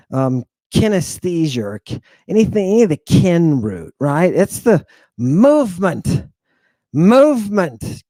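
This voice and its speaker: A man teaching Ancient Greek words, dramatic and teasing, who swings from loud exclamations to low murmurs and draws out his pronunciations. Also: no echo, studio quality. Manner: teasing, confrontational with the listeners; drawn-out emphatic pronunciation.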